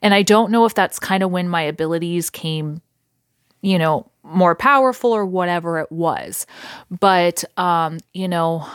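A woman's voice: lowish voice, measured pace, smooth, dry recording, clean studio sound. A woman hosting a podcast, casually telling a ghost story in a rambling way with lots of fillers and restarts. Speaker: podcast host.

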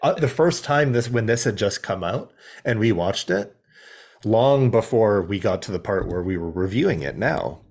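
A man co-hosting a casual review podcast, animated and laughing often as he slips into goofy voices. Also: on the low side, moderate pace. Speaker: podcast co-host.

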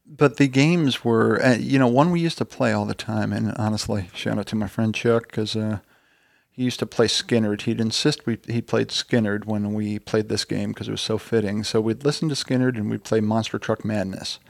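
Podcast guy w a gravelly voice, rambly casual chat, dry close sound. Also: lowish voice, fairly even intonation, moderate pace, dry recording. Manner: rambling, storytelling, swears casually. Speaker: podcast co-host.

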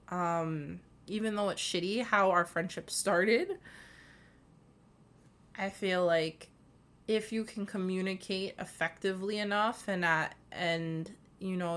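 A young woman hosting a solo podcast, rambling casually with lots of filler words and the odd swear. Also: mid-range voice. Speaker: podcast host.

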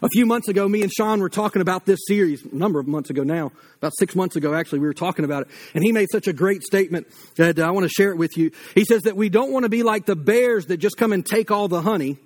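A man's voice: high voice, fast talker, hardly any pauses, darkish tone. A man preaching a blunt, conversational sermon with humor, likely in his thirties, acting out quoted voices along the way. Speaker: pastor.

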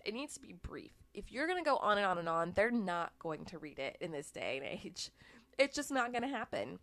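A woman talking casually about clear communication, acting out little exchanges and laughing now and then. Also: mid-range voice, no echo. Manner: animated, acts out little dialogues, laughs between points. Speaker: speaker giving communication advice. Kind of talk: casual talk to the listener.

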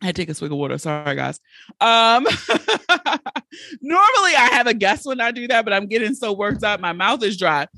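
A woman hosting her own podcast, talking alone in a blunt, animated way, recorded on a close mic. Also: a little high, moderate pace, dry recording. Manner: blunt, animated, heavy swearing. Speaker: podcast host. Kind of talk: solo podcast monologue.

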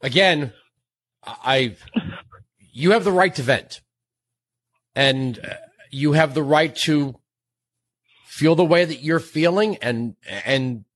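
Gentle, consoling male radio host. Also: fairly high pitch. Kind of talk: call-in radio conversation. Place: radio studio.

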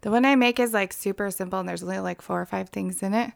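Gravelly-voiced woman chatting casually. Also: mid-range voice, fast talker, no echo, studio quality. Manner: laughs often, chatty and relaxed. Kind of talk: casual chat.

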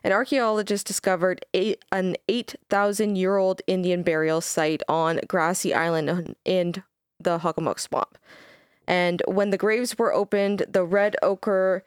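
A woman's voice: lowish voice, fairly even intonation, unhurried, clear, resonant tone, no room sound, clean studio sound. A woman co-hosting a podcast, chatting casually and reading quoted passages aloud. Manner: laid-back, reads quoted passages aloud. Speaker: podcast co-host.

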